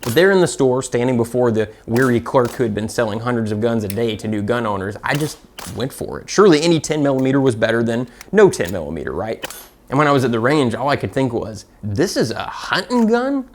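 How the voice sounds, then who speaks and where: A man's voice: mid-range voice, expressive, quick pace, a little hiss or hum. Profane sardonic Southern man. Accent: Southern American. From American South. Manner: profane, self-mocking, sardonic. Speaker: gun reviewer. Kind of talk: comedic scripted review.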